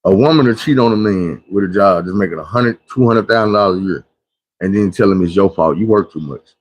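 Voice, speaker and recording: A man with a low voice talks briskly on a livestream, delivering blunt, preachy street talk as a casual monologue. As host, he acts out the people he quotes.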